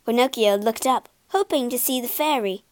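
A woman reading a children's storybook aloud with expressive, dramatic narration. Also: fairly high pitch, normal speed, no echo.

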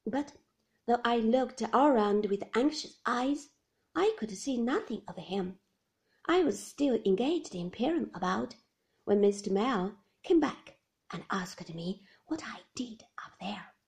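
Slow, creaky-voiced woman narrator. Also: a little high, expressive, darkish tone, low-quality recording. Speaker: audiobook narrator. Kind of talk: scripted narration of a classic novel.

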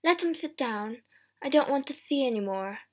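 A woman's voice: high-pitched, expressive, normal speed. A woman reading as a hesitant Victorian doctor. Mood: polite, uneasy. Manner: polite, hesitant. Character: reserved, uneasy male Victorian doctor.

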